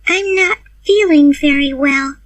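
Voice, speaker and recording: A woman's voice: sits high, measured pace, no echo, far from the mic, pitched above the performer's own voice. A polite young girl speaking in a light, raised voice, as a woman reading a storybook puts her on. Her lines are short and simple. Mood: plaintive.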